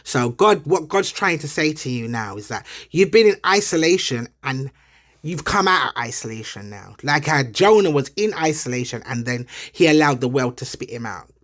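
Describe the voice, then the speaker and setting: A woman, preaching encouragement in an impassioned vlog. She talks emphatically and excitably, repeating her words as she records on a phone while out and about. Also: rumbling low, moderate pace, no room sound. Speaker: online preacher. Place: out and about, in a shop and a car.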